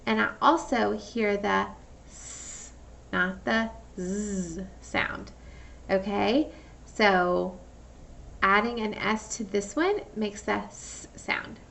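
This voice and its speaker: A woman's voice: medium pitch, gravelly, a bit bright, recorded from a distance, a little hiss or hum. A woman teacher giving a phonics lesson to young children, patiently sounding out words and asking questions. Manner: slow, patient, stretches out sounds and asks questions.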